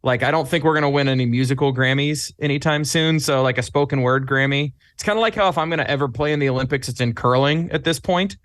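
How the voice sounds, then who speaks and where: A man's voice: medium pitch, quick pace, hardly any pauses, a bit bright, no room sound, studio quality. A man talking as a guest on a podcast in casual chat, animatedly telling stories and acting out his own quotes. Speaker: podcast guest, club staffer.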